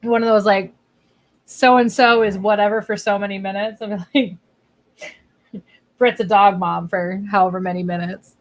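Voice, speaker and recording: A woman's voice: medium pitch, steady tone, moderate pace, long pauses, poor audio. A woman author chatting casually on a livestream from home, talking to her dog while she waits for viewers.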